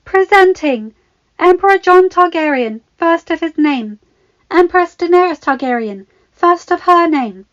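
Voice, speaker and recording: A woman voicing a proud female herald who proclaims the royal family to a huge crowd in a loud, drawn-out, ringing call. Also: extremely high pitch, lively intonation, muffled recording, pitched above the performer's own voice. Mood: proclaiming.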